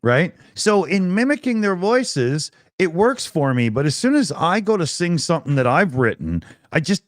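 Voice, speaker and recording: Animated Canadian man, lively pitch. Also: moderate pace, dry recording, clean studio sound. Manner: animated, laughing, swearing storyteller. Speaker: co-host. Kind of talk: casual chat.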